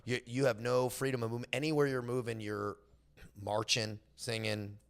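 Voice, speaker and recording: A man's voice: medium pitch, level tone, moderate pace, vocal fry, clean tone. A young man with a Californian accent, telling his stories as a podcast guest in a loose, slangy way, laughing often. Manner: laid-back slangy talk, lots of bro and dude, laughs often. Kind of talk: casual storytelling interview.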